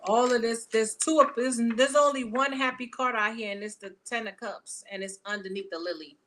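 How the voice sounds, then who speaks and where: A woman reading tarot cards for her viewers in a casual, animated, profane and chatty way. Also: fairly high pitch, moderate pace, slight background noise. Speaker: tarot reader.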